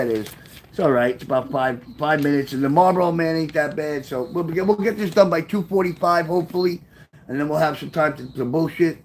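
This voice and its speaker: A man's voice: a little high, a little hiss or hum. A middle-aged man, casually telling memoir stories on a livestream in a rambling, profane way and reading out chat comments. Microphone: webcam.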